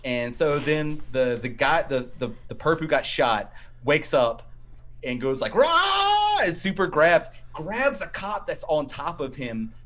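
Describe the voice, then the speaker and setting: A man casually recapping a horror film with friends, excitable and acting out lines. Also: a little slow. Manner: excitable, acts out lines with big pitch jumps. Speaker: podcast co-host.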